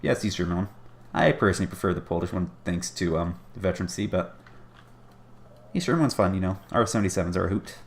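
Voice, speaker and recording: A man's voice: deep voice, fast, a little hiss or hum. A man casting a strategy game match with chatty, wry commentary and self-deprecating asides. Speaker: game caster.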